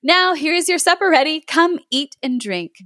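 A woman's voice: high voice, animated, normal speed, pushed and bright, no room sound, studio quality, pitched above the performer's own voice. A woman reading aloud as a young captive woman who pleads anxiously. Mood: pleading.

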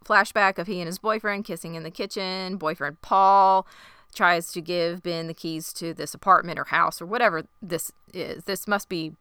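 A woman co-hosts a podcast, recapping an episode in a casual, animated way and slipping into the characters' lines as she goes. Her voice is bright and crisp, and sits a little low. The recording is dry and close. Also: moderate pace, dry recording. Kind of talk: casual chat.

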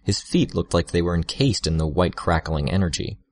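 A man narrating an audiobook in a steady first-person storytelling manner, on a close studio mic. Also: deep voice, moderate pace, no room sound.

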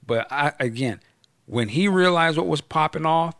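A man's voice: fairly high pitch, moderate pace, dry recording, studio quality. A man hosting a podcast, talking casually and animatedly about a film, using slang and acting out what characters say. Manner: animated, slangy, acts out quotes. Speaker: podcast host reviewing a film. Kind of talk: casual movie review chat.

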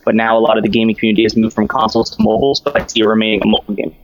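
A male caller speaks in a low, fairly flat voice and moves quickly through his points. His voice comes through a dull, muffled call line with a faint hiss behind it. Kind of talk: call-in opinion.

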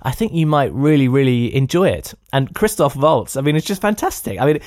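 A man hosting a film-review podcast, talking casually and with enthusiasm straight to his listeners. His pitch sits in the middle range. The recording is dry and close, with no room sound. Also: animated, fairly quick, a little mellow, dry recording. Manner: chatty and enthusiastic, addresses listeners directly.

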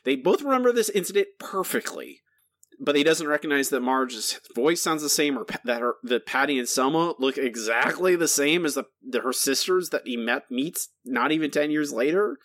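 Animated, ranting male podcast host. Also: a little high, normal speed. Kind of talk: casual podcast chat.

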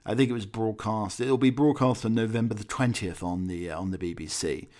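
A man's voice: on the low side, fairly quick, darkish tone. A man hosting a chatty talk show, reading odd news stories with rambling asides and chuckles. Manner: rambling asides, chuckling, filler-heavy tangents. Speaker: radio show host. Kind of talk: chatty news-story banter.

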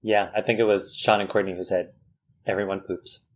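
A man co-hosting a casual podcast chat, speaking in a measured way and laughing along easily. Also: fairly low pitch, level tone. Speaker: podcast co-host.

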